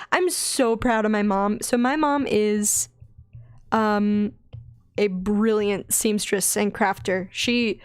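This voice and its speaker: A young woman with a light Southern accent, chatting in a bubbly, rambling way while she draws on a stream, often giggling and getting excited. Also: medium pitch, no echo. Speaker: digital artist streaming her drawing. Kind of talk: casual chatty art stream.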